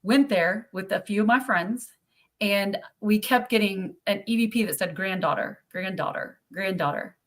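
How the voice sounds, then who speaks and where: A woman's voice: medium pitch, moderate pace. Chatty laughing woman. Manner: chatty, laughs often, acts out quoted voices. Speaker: owner of a haunted site, guest. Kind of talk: casual live-stream chat.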